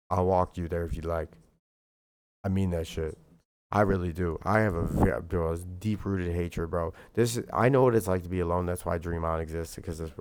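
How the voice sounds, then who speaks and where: A man's voice: sits low, creaky, darkish tone. A man streamer ranting casually to camera, heated and profane, rambling with lots of fillers.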